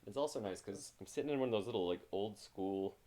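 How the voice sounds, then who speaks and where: A game streamer with a fairly low-pitched voice talks quickly, chatting casually with his viewers while gaming. He rambles and pokes fun at himself, speaking into a new mic mounted close in front of him, and the recording carries loud background noise.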